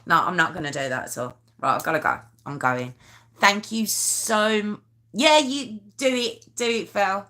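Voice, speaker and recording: Nervous rambling woman, bright voice. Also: mid-range voice, moderate pace. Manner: nervous, rambling, self-deprecating, stammers and restarts. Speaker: YouTube true crime host. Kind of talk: casual live-stream chat with viewers.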